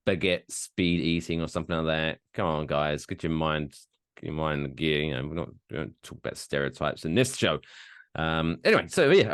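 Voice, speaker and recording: A man's voice: sits low, no echo. A man co-hosting a podcast, joking and swearing in casual banter into a close mic. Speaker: podcast co-host.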